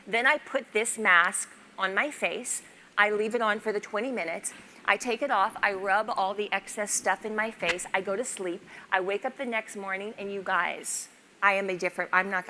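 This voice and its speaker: A woman's voice: mid-range voice, sharp tone, a little hiss or hum. A woman speaking casually and enthusiastically as a panelist at a live beauty event, with lots of "like" fillers.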